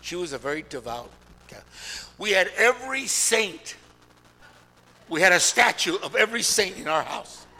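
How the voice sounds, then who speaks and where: A middle-aged man preaching a sermon in a large church, calling out to the congregation and swinging between shouting and hushed talk. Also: high voice, animated, normal speed, pauses often. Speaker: pastor. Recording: long hall reverb.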